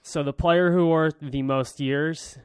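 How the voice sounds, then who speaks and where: Deadpan co-host man, short dry replies. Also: fairly high pitch, slow, clear, resonant tone, dry recording. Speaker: podcast co-host. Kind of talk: casual sports chat.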